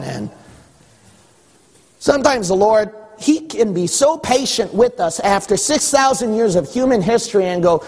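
High-voiced husky male preacher. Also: expressive, normal speed, a little mellow, in a large hall. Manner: preaching with rising emphasis, teasing the congregation. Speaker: pastor. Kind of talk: sermon.

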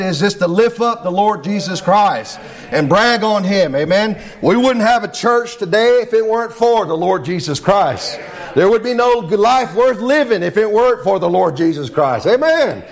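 High-voiced man preaching with fervor. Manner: fervent preaching with repeated amens. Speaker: pastor. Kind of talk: sermon.

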